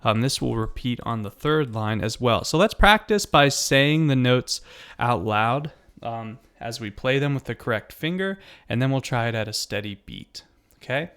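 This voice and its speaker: A man's voice: mid-range voice, expressive, moderate pace, fairly bright tone, smooth. A man teaching a beginner piano lesson, patiently naming notes and counting aloud while encouraging his students.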